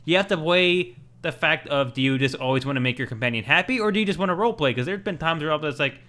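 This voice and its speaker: A man co-hosting a gaming podcast in casual chat, animatedly acting out bits of game dialogue. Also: fairly high pitch. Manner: animated, acts out game dialogue in quick voices. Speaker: podcast co-host.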